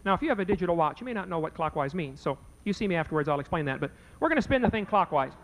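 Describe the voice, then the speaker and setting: Guy talking real fast, kinda high voice, folksy jokey story for a debate crowd. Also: sing-song. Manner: folksy, joking anecdote with rhetorical questions. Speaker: creationist speaker in a debate. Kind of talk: storytelling lecture.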